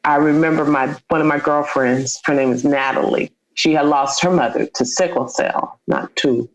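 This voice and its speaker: A woman's voice: low-pitched, fairly even intonation, normal speed, a little hiss or hum, low-quality recording. A woman guest in an interview, telling a personal story with feeling and acting out the dialogue she quotes. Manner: heartfelt, acts out quoted dialogue.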